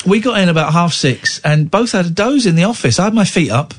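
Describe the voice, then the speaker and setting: A man's voice: sits high, lively intonation, fairly quick. A man in his forties hosting a late-night radio talk show, rambling and playfully teasing his co-host and callers. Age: 40s.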